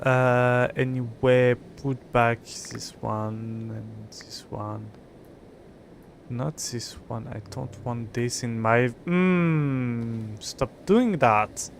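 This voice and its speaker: A man's voice: mid-range voice, fairly even intonation, extremely slow, slight background noise. Frustrated young man streaming. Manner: frustrated, swearing, muttering to himself. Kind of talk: live gameplay stream chat.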